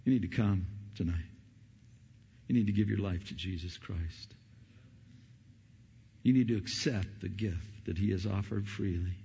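A male pastor preaching an impassioned Christmas sermon, swinging between loud questions and low, soft appeals. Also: unhurried, gravelly, pauses often, husky. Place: church sanctuary. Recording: dull, hall reverb.

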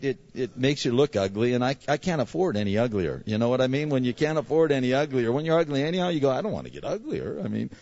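A man's voice: medium pitch, darkish tone, dull audio. A middle-aged man, a pastor, telling a chatty, self-mocking story to his congregation and acting out the voices of others. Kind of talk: casual storytelling from the pulpit.

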